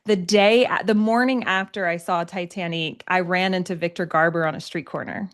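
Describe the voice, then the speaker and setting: This is a woman hosting a podcast, talking in an easy, casual way. She sounds excitable and keeps breaking into laughter. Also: fairly low pitch, moderate pace, clear, resonant tone. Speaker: podcast host. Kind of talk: casual chat.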